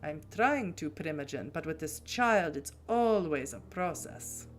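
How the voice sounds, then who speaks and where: A woman's voice: low voice, animated, measured pace, soft background music. A woman voicing a composed, stern male vampire sheriff who speaks in a cold, formal, clipped way. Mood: weary.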